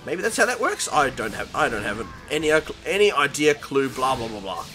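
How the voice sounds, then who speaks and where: A young man hosting a gaming channel, excitedly commentating his own gameplay, talking to the characters on screen and laughing along. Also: mid-range voice, a little fast. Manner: excitable, yelps and laughs while playing, talks to the game. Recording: game music behind.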